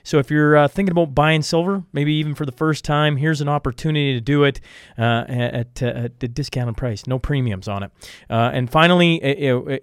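A Canadian man hosts a podcast while getting over a cold. He rambles, fumbles his words and pokes fun at himself in a casual way. His voice sits at an ordinary pitch and is recorded dry and close, with no room sound. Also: clean tone, dry recording. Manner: rambling, self-deprecating, trips over words. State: has a cold. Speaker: podcast host reading sponsor ads. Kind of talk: casual podcast intro with ad reads.

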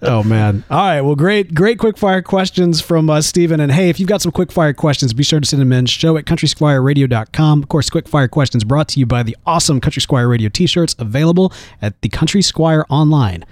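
Animated, chatty man co-hosting a podcast. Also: on the high side, a little fast, few pauses, no echo. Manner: chatty and animated, with frequent fillers and laughs. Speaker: podcast co-host. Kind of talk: casual chat.

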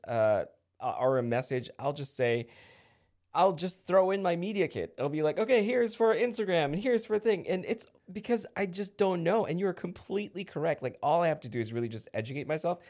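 A man's voice: on the high side, lively intonation, brisk, darkish tone. A man hosting a podcast in casual interview chat, friendly and self-deprecating, laughing often. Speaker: podcast host.

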